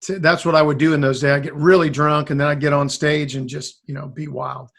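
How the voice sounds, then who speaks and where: A man with a fairly high speaking voice tells a long story from his past in casual conversation. He rambles and restarts often, and he acts out the lines of the people in the story. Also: little pitch movement, brisk, gravelly, a bit bright. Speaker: guest musician.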